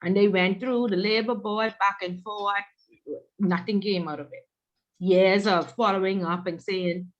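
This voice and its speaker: A woman instructor leading an online class, telling a workplace story in an animated way. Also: mid-range voice, a little slow, highs cut off. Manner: animated, acts out quoted voices.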